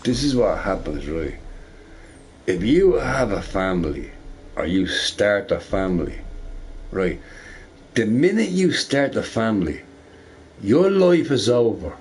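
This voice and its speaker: Middle-aged man, lowish voice, loose profane gaming-stream rant with a "right?" on every other line. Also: big pitch swings, a little slow, long pauses, darkish tone. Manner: rambling, profane, tags lines with "right?". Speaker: shop boss and gamer. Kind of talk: casual rant while gaming.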